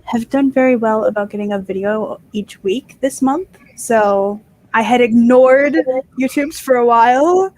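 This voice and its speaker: Higher-voiced woman, hesitant chat. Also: measured pace, a little mellow, low-quality recording. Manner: hesitant, with many fillers. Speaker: streamer and guest. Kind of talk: casual chat on a livestream.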